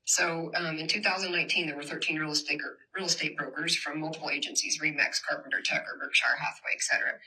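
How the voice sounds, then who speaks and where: A woman's voice: sits low, fairly even intonation, fast, hardly any pauses, sharp tone, breathy edge. A woman giving an impassioned public presentation in a university hall, addressing the audience directly. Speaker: community organizer giving a talk.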